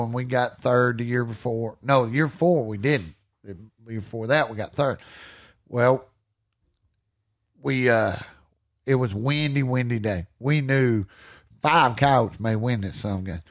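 Energetic man spinning hunting yarns. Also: mid-range voice, a little slow. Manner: energetic storyteller who swears freely. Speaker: podcast guest. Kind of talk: casual storytelling chat.

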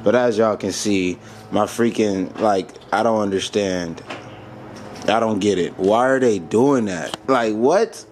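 A man's voice: lowish voice, unhurried, a little mellow, a little hiss or hum. Frustrated man vlogging a car mod. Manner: frustrated, exasperated, laughing it off. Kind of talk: casual vlog.

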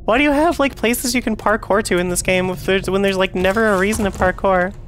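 A young woman streaming a horror game, chatting to her viewers and swearing and yelling when the game frustrates her. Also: mid-range voice, a little fast, a little hiss or hum. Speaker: VTuber streamer. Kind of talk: casual gameplay commentary.

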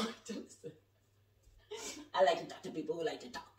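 This woman's voice sits on the low side, sing-song and fast, with long pauses. In her forties and styling herself a prophet, she preaches impassionedly to a distant camera in an echoey room at home, rambling colloquially between shouts and soft asides.

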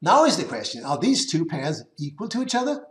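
A man's voice: fairly quick, reverberant. A man giving a conference presentation with live demos, explaining step by step and often restarting his words. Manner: explanatory, lively pitch, self-correcting restarts. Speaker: conference speaker.

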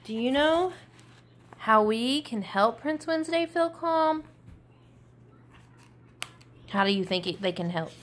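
A woman teacher reading a picture book aloud to young children, animated and asking them many questions. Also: fairly high pitch, slow pace, long pauses, a little hiss or hum.

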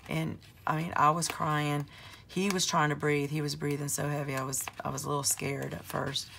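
A hoarse woman in her forties with a drawl, chatting through a rambling story for her vlog. Her voice sits low and gravelly, full of fry. A faint hiss runs under it. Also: flat delivery, normal speed, fairly bright tone. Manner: chatty, rambling with many fillers. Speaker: planner vlogger. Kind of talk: casual storytelling.

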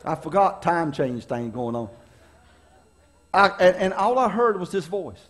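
A middle-aged pastor from preaches with a notably high-pitched man's voice. He tells folksy, funny stories from his own life, rising and dropping for dramatic effect as he draws the lesson. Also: very animated, moderate pace. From North Carolina, US. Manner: folksy, humorous storyteller with dramatic swings in delivery. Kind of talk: storytelling sermon.

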